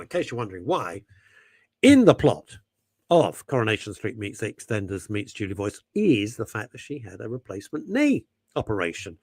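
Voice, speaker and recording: A man rambling through his radio show with a lively, swooping voice that jumps up and down as he goes. He chats, drifts off topic and laughs at his own slips. The sound is dry and close, with no room in it. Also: mid-range voice, no echo. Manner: chatty, digressive, laughs at himself; reads out listener messages and names. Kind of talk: casual rambling radio chat.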